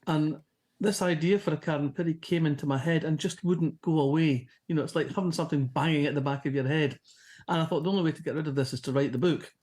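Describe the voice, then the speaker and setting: A woman from Scotland with a softened Fife accent, a novelist answering questions in a chatty, anecdotal way. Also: deep voice, fast. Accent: softened Fife Scottish. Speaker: novelist guest. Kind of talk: casual interview chat.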